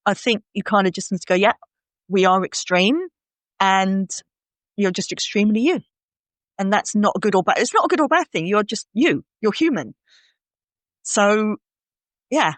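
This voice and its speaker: A woman's voice: mid-range voice, animated, normal speed, long pauses, dry recording. A woman co-hosting a podcast in casual chat, acting out her inner voice in little quoted scenes. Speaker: podcast co-host.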